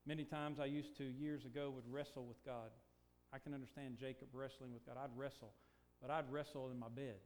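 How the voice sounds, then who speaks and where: An older man preaching a sermon, moving from quiet, reflective talk to slow, emphatic declarations. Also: mid-range voice, little pitch movement. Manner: preaching, swings from hushed to emphatic, stretched slow phrases. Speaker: pastor.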